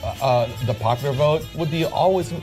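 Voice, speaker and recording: A man delivers political commentary with confident, opinionated certainty. Music plays clearly behind his voice in this clip. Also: a little high, fairly quick. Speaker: political show host. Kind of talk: news commentary.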